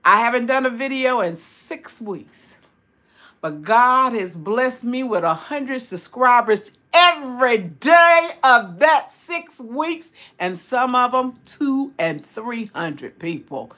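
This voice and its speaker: A woman's voice: on the high side, expressive, slow, bright, forceful tone. An older woman from Tennessee with a Southern accent, praying and chatting with viewers on a livestream, repeating words for emphasis. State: recovering from hip surgery. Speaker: YouTube channel host. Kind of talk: livestream prayer and chat with viewers.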